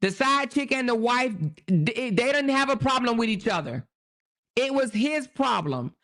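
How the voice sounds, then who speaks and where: A woman's voice: on the high side, expressive, a little slow, a bit bright. A woman hosting her own show, giving casual commentary on a news story and often repeating herself as she checks in with viewers. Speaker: host.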